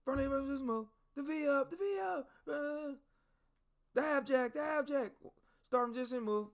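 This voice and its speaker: A man putting on an army drill sergeant who shouts clipped commands and counts out cadence. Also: very high-pitched, moderate pace, pitched above the performer's own voice. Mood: barking orders. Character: loud barking male army drill sergeant.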